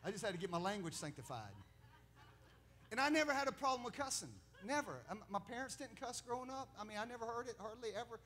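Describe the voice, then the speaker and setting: Male pastor, high pitch, storytelling sermon that climbs to shouted emphasis. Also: expressive, quick pace. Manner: storytelling with laughs, rising to loud preaching.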